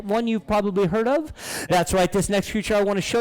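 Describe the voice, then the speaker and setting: A fast-talking man with a high, clean-toned voice comes through on a low-quality recording. It's a playful kids' show presentation of live animals, full of jokes, energy and frequent laughter aimed at the children.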